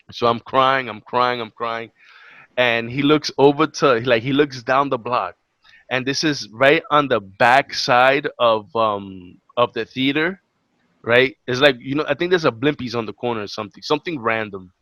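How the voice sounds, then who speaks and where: A man's voice: medium pitch, moderate pace, no room sound, dull audio. A young man telling a long, profane story on a casual podcast, acting out what people said. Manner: animated, profane, acts out quotes. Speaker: podcast co-host.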